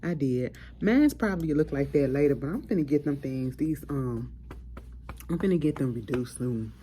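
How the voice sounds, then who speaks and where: Low-voiced blunt woman gossiping about reality TV. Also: moderate pace, a little hiss or hum. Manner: blunt, profane, animated storytelling. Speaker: host. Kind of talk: casual reality TV commentary.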